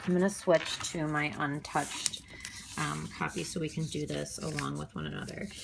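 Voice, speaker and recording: A woman's voice: low-pitched, steady tone, normal speed, gravelly, noisy background. A woman teacher giving a recorded review lesson, explaining step by step with frequent fillers and "okay?" check-ins.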